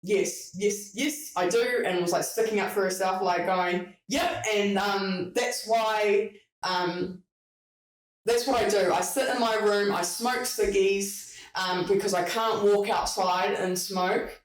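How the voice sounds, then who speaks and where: Slow and fairly even in intonation, this mid-range voice belongs to a podcast host recounting a work story during relaxed conversation. The host curses liberally, stays chatty, and performs the quoted dialogue, all picked up by a distant mic in a roomy space.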